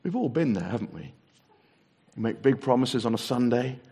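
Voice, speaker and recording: A man preaching a sermon, acting out the voices in the story and dropping to a hushed, low voice for solemn points. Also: very animated, normal speed, husky. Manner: dramatic, acts out the voices in the story.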